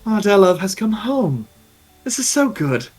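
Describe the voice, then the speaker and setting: A man's voice: sits high, sing-song, unhurried, husky, faint music behind, voice pushed up, exaggerated voice. A man voicing a falsely cheerful noble mother with a plastered smile, gushing in a sing-song way in a tabletop game.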